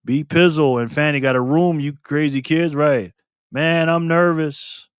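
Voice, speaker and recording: A man's voice: fairly high pitch, fairly even intonation, a little slow, clean tone, dry recording, clean studio sound. A man hosting a live stream in a casual chat style, reading viewer comments aloud, laughing often and cheering on players. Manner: laughs often, loose and playful.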